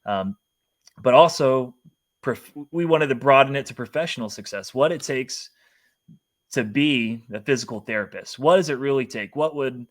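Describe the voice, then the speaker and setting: A man's voice: medium pitch, moderate pace. Rambling man from North Carolina. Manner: rambling, self-interrupting. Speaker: podcast co-host. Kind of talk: casual chat.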